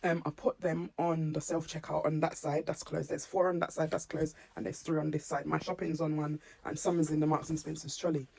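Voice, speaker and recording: A woman's voice: low-pitched, flat delivery, a little fast, creaky, hardly any pauses, mellow, slightly rough. A woman, a mum of children with special needs, animatedly retelling a personal incident to camera and acting out the dialogue. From England. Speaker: SEN mum telling her story.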